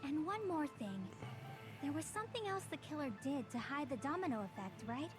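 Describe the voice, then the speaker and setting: A calm young student girl in a game, high voice, explains step by step, music behind. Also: moderate pace. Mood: methodical. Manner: calm, methodical. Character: calm young female student laying out a deduction. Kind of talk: dubbed game dialogue.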